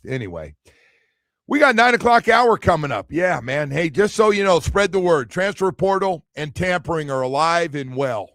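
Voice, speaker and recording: A man's voice: on the high side, moderate pace, dry recording, studio quality. A man hosting a sports radio show, talking casually and animatedly, acting out quotes as he tells stories. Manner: animated storytelling, acts out quotes.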